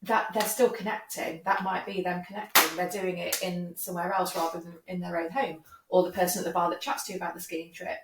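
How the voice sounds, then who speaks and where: A woman's voice: on the low side, fairly even intonation, a little fast, hardly any pauses, slight background noise. A woman hosting an interview, reflective and encouraging. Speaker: podcast host. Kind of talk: casual interview chat. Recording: roomy sound from a distant mic.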